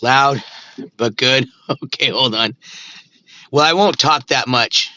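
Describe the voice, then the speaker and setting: Driving while live-streaming, a man chats loosely with his viewers and himself through a Bluetooth mic in the car, rambling and throwing in playful nonsense words. His mid-range voice is bright and forceful, and he takes it slowly. The stream audio is dull and lo-fi, with road noise.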